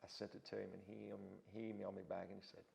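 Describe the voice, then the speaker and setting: A racing, gravelly, fairly low-pitched male voice belongs to an interview guest telling casual stories. He tells his anecdotes with animation, acting out the people he quotes.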